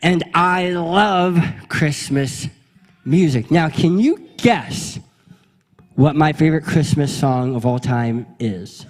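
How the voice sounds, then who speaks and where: Upbeat guy pastor, high voice, goofing around with the church crowd then telling a story. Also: slow pace. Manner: playful, energetic, leads the crowd in a meowing game. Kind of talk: lively sermon with audience game. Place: church sanctuary before a congregation.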